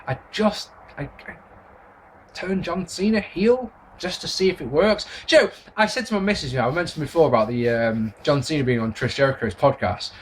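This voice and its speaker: In a laid-back vlog, a wrestling video reviewer takes viewer questions at a normal pace, his voice on the high side. He rambles, curses and keeps apologising for what he says, running himself down as he goes. A faint hiss or hum is audible.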